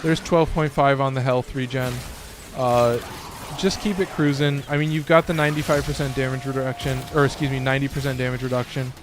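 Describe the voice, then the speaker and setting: A man's voice: medium pitch, fairly even intonation, a little fast, noisy background. A young man casually commenting while he plays a game, rambling and swearing freely, his voice cracking now and then. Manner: loose, rambling, swears often, lots of fillers. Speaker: gaming streamer.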